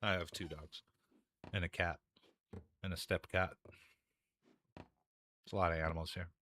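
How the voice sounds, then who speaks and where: A man's voice: sits low, steady tone, unhurried, pushed and bright, slight background noise. A young man chatting casually while he streams a game, rambling and swearing, laughing often between thoughts. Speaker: gaming streamer. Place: home room.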